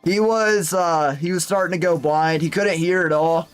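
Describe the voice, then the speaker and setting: A man's voice: on the high side, fairly even intonation, normal speed, clean tone, soft background music. A young man streaming a hunting game, chatting casually and reading viewer messages aloud with folksy exclamations. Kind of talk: casual live-stream commentary.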